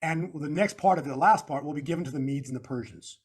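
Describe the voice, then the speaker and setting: A man's voice: on the high side, fast talker, husky. A man being interviewed, walking through slides in an emphatic, repetitive, preacher-like way. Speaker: guest analyst.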